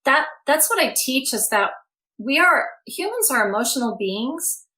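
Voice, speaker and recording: This is a woman guest on a podcast, talking as a coach about emotions. Her voice sits somewhat high and sounds bright and forward, and she speaks with earnest, emphatic conviction. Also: big pitch swings, a little slow. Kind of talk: podcast conversation.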